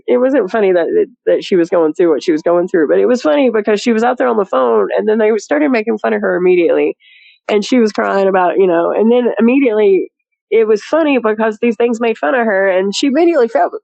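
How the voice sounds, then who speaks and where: A woman's voice: fairly high pitch, animated, fast talker, vocal fry, warm tone, dry recording, dull audio. A woman telling her story as a guest in a rambling, chatty way, full of "you know" and laughs. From rural area. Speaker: guest recounting a sighting. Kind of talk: casual storytelling.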